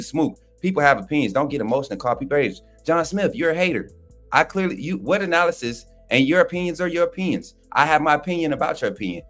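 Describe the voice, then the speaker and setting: A man's voice: on the high side, fairly bright tone. A man co-hosting a livestream, talking sports in a fired-up, slangy, trash-talking way while reading chat. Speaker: livestream co-host. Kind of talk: casual fired-up sports talk.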